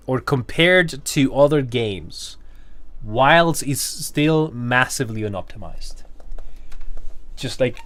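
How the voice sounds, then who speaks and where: A man's voice: mid-range voice, a bit bright. A man streaming a game, chatting casually with viewers and thinking aloud, rambling with fillers. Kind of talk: casual live-stream chat while gaming.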